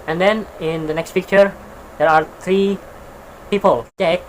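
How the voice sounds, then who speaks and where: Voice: medium pitch, steady tone, a little slow, a little hiss or hum, rough recording. A teacher giving a recorded English pronunciation lesson, repeating each word and explaining it with simple example sentences.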